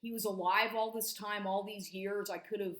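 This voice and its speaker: A woman's voice: medium pitch, steady tone, moderate pace, fairly bright tone. A woman in her forties giving an agitated monologue to camera, swearing constantly and stumbling over restarts. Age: 40s. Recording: echoey room recording.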